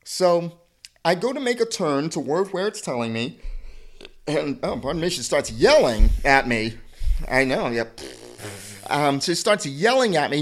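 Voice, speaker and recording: A man's voice: a little high, big pitch swings, normal speed. A man co-hosting a podcast, rambling through a story with restarts and frequent laughter. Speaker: podcast co-host. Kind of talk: casual chat, storytelling.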